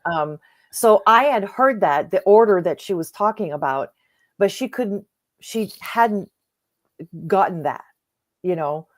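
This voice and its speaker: A middle-aged woman coach, a podcast guest, telling a personal story in an earnest, animated way and acting out the dialogue. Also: mid-range voice, a little slow, pauses often. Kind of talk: conversational storytelling.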